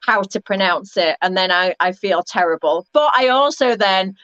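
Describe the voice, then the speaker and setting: An English woman talks loosely and warmly about her work, wandering through her thoughts with frequent ums. Her voice sits at an ordinary middle pitch. The audio is dull, lo-fi and bone dry. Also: normal speed, no echo. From England. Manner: chatty, rambling, hesitant with many ums. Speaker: wrestling ring announcer and referee, guest. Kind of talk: casual interview chat.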